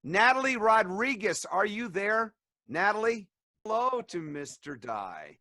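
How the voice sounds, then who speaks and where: A male host on a video call, friendly, moving briskly from one guest to the next. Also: sits high, sing-song, pushed and bright, no room sound, studio quality. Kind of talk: hosting a video call event.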